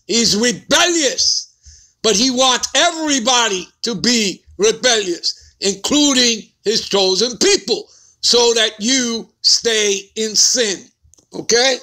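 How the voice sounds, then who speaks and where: Male preacher, scripture teaching, emphatic, constant check-in questions, high and bright. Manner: emphatic, keeps asking "all right?" and "okay?".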